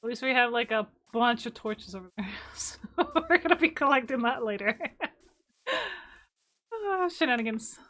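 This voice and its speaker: A high, animated woman's voice with a bright, sharp edge, chattering through a game stream. She giggles a lot, curses casually and bursts into loud cries between quieter mutters. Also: moderate pace. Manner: giggly, swears freely, loud exclamations. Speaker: livestreamer.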